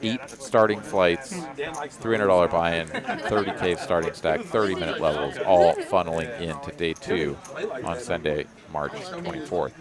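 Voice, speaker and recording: A low-pitched man calls the action of a live poker game in a relaxed, joking way. A busy card room murmurs behind him. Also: measured pace, crowd noise. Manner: relaxed, joking, promotional asides. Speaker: poker commentator. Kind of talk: live poker play-by-play commentary.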